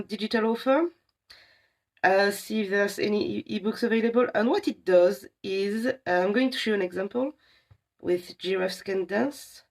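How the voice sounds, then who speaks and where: A young adult woman from a library staff giving a casual live demo of apps, chatty and enthusiastic with many pauses. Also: medium pitch, a little mellow.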